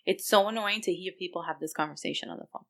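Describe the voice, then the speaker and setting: A woman's voice: on the low side, fast talker, gravelly. A woman co-hosting a casual podcast chat, switching between English and Spanish phrases and acting out quoted voices. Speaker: podcast co-host.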